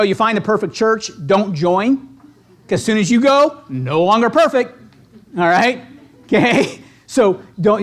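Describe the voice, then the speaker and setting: A man giving an energetic motivational training talk to real estate agents, punchy and conversational, constantly checking in with "right?". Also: high voice.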